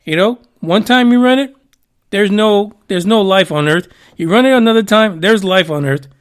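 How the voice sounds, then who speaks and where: A man's voice: sits high, normal speed, clear, resonant tone. A man hosting a casual talk show, rambling with profane joking asides. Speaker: podcast host. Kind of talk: casual radio show chat.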